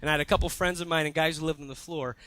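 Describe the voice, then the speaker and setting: Young man, sermon, bright tone, high voice, animated storytelling. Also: rapid-fire, no room sound. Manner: storytelling with lively retellings and asides. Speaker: pastor. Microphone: handheld or stage mic.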